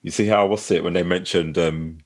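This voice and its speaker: A man's voice: low voice, steady tone, brisk. A young man, chatting in a laid-back, agreeable way on a casual podcast.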